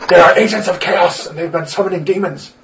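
A man's voice: high voice, fairly quick, distant mic, highs cut off, background noise. A man playing a tabletop game, speaking in character with emphatic declarations. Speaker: player.

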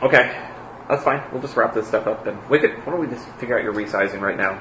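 A man's voice: fairly low pitch, quick pace, background noise. A man running a tabletop game as game master, narrating with hesitant fillers and voicing a haggling shopkeeper. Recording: roomy, dull home recording.

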